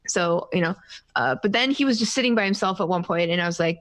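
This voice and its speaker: A woman's voice: lowish voice, fast, no room sound. A young woman from Canada, co-hosting a podcast, telling a story in casual chat with self-deprecating asides and acted-out quotes. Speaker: podcast co-host.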